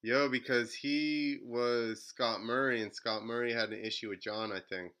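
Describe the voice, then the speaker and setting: Male podcast host, bright voice, jokey and chatty, laughs a lot. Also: mid-range voice, steady tone, normal speed, a little hiss or hum. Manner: joking, laughs often, tells stories. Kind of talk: casual chat.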